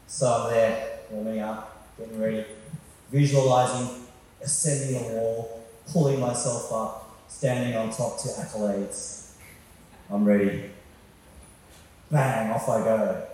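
Male preacher, conversational sermon, mellow voice, echoey hall, heard from a distance. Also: mid-range voice, a little slow, slight background noise. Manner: conversational, asks the congregation questions. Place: church hall.

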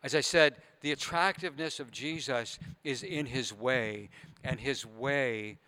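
A man's voice: mid-range voice, unhurried, bright, forceful tone. A man preaching a sermon as a pastor, retelling a parable earnestly with conversational asides to his listeners.

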